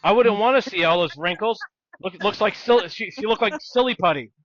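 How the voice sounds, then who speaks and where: A man's voice: high-pitched, expressive, fairly quick, a bit bright, dry recording. Man, podcast co-host, rambling, emphatic, close dry sound, muffled lo-fi audio. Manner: rambling, emphatic, blunt complaints. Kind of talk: casual film discussion.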